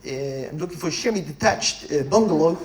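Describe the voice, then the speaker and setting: A man putting on a Dutch accent to play a polite, hesitant house-hunter who pauses with "uh" between words. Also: on the high side, lively intonation, lightly acted. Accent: Dutch, put on. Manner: slow and halting with "uh" pauses.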